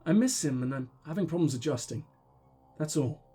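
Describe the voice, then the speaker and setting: A man reading the lines of a soft-spoken young widow in his own voice. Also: high-pitched, very animated, fairly quick, soft background music. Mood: sorrowful. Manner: plain dialogue-reading.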